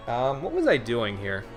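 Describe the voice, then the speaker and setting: A man hosting a casual gaming livestream, chatting easily with viewers and often repeating himself as he talks. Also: medium pitch. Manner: chatty, responds to chat, repeats words. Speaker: livestream host.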